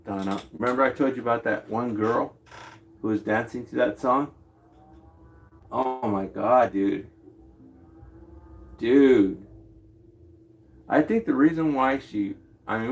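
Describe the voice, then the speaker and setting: A man chatting on a livestream, rambling and slangy, drifting between stories. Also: medium pitch. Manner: slangy, meandering, loose profanity. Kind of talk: rambling casual livestream chat.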